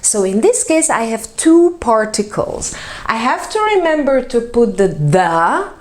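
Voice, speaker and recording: A woman teaching English grammar as a teacher and coach, speaking slowly and drawing out her example words. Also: fairly high pitch, sing-song. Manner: slow, deliberate, stretches example words.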